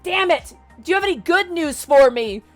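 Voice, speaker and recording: A woman voicing a stressed male ship captain who barks loud, urgent orders. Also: mid-range voice, steady tone, brisk, faint music behind, close to an everyday voice.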